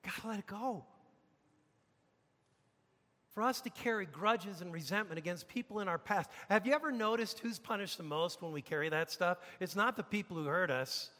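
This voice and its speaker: High, bright-voiced male preacher in a reverberant hall. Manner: emphatic preacher, swings from hushed to loud. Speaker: pastor. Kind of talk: sermon. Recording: long reverb of a large hall.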